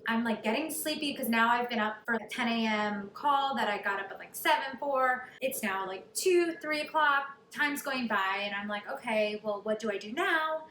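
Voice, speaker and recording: A young woman vlogger telling a personal story in a chatty, animated way, full of likes. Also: on the high side, normal speed, few pauses. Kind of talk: storytelling to camera. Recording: echoey room, faint noise.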